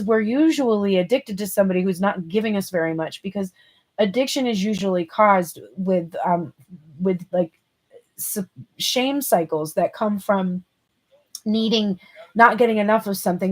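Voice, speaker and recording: Excitable woman giving a tarot reading. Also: mid-range voice. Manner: casual, thinking aloud with fillers and restarts; excitable bursts of emphasis. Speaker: tarot reader.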